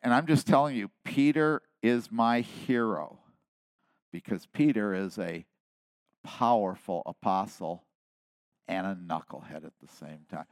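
Speaking low and slowly, a seventy-something pastor moves between almost whispered asides and loud, forceful proclamations in his sermon. The sound is close-miked and completely dry.

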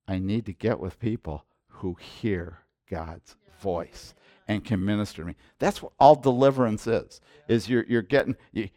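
An older man preaching a sermon in a conversational storytelling way, moving between soft asides and loud preaching. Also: on the low side, no room sound, studio quality. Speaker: pastor.

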